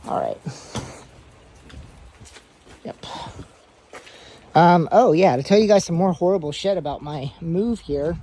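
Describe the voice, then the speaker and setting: A woman's voice: on the low side, slow, pauses often, warm tone, low-quality recording. Woman, casual storytelling vlog, rambling with fillers, indoor home room, faint room hum. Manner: rambling, repeats herself, many fillers. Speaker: aquarium hobby vlogger.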